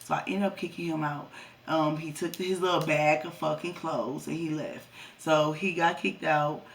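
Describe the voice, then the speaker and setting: A woman's voice: sits low, steady tone, moderate pace, gravelly, distant mic. A woman in her twenties telling a personal story to her viewers, blunt and heavily profane. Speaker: vlogger. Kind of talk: storytime vlog.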